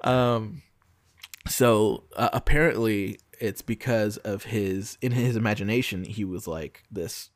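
A man from Brazil casually discussing film adaptations on a podcast, often pausing to search for words. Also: lowish voice, dry recording. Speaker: podcast co-host.

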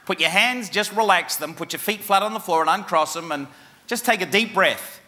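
A man giving a lively motivational talk to a live conference audience, coaxing the crowd to join in. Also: high-pitched, fairly quick. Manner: animated, coaxing, drops to a soft hush for the meditation.

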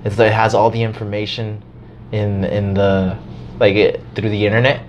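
A man in casual podcast chat, talking in an animated way, swearing and laughing as he tells a story. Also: lowish voice, normal speed, dull audio, slight background noise.

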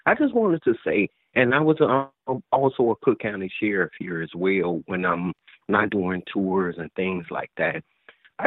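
A man's voice: on the low side, slightly rough, no room sound. Guy in his 40s calling in over a phone line, lots of stammering and restarts, voice going up and down a lot. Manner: halting, repeats words, voice rising with emotion. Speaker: caller. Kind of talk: emotional phone call to a show. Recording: tinny dry phone line.

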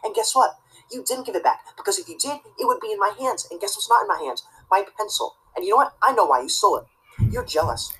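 Woman playing a husky self-righteous teacher's pet. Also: medium pitch, lively intonation, fast talker, fairly bright tone, low-quality recording. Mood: tattling, indignant. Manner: tattling, self-righteous and preachy. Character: prissy rule-obsessed teacher's pet schoolkid. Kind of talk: comedy sketch acting.

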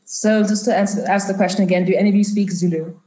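A woman's voice: mid-range voice, fairly even intonation, fast talker, mellow, echoey room, rough recording. A woman narrating as game master of a tabletop game, chatty and full of fillers.

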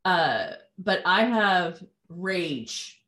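A woman's voice: fairly low pitch, big pitch swings, drawn-out words, fairly bright tone. Casting: dry, sarcastic woman host, echoey room. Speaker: podcast host. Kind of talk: casual podcast chat. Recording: roomy echo.

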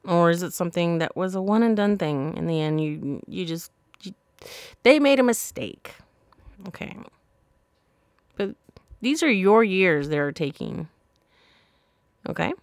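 A woman's voice: on the low side, expressive, unhurried, long pauses, no echo, studio quality. Blunt, sassy woman podcaster. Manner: blunt, profane, sassy advice. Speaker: podcast host. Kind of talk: casual solo podcast monologue.

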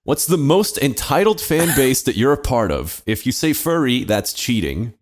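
A man's voice: medium pitch, sing-song, normal speed, faint music behind. A man joking crudely and chatting casually on a podcast with friends. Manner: crude, joking, laughs at his own lines. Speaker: podcast co-host. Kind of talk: casual chat.

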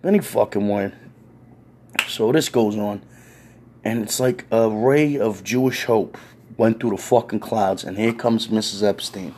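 A man's voice: fairly low pitch, a little slow, dark tone, slight background noise. A man telling a story from his own life in a casual, conversational way, wry and full of swearing.

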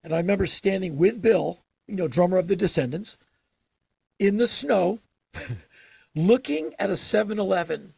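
Gravelly older man, emphatic storyteller. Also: sits high, moderate pace, long pauses, no room sound. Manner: emphatic, animated storytelling with sudden bursts. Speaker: interview guest. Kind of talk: casual storytelling interview.

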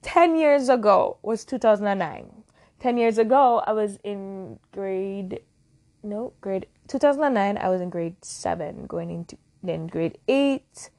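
A woman's voice: medium pitch, animated, unhurried, a little mellow. A woman in her early twenties from Jamaica, hosting a casual solo podcast in a rambling, reflective way that keeps correcting itself. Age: early 20s. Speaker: podcast host.

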